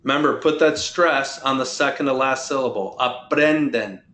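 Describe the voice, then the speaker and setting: Male Spanish teacher, patient, explains step by step, mid-pitched, roomy echo. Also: fairly even intonation, bright, forceful tone. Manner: patient, explains slowly and drills pronunciation. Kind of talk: online language lesson.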